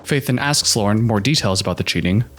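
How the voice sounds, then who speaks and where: A man's voice: on the low side, lively intonation, fast, fairly bright tone, a little hiss or hum. A man giving sarcastic, incredulous reaction commentary on a reality show, breaking down what he sees. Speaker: YouTube commentator.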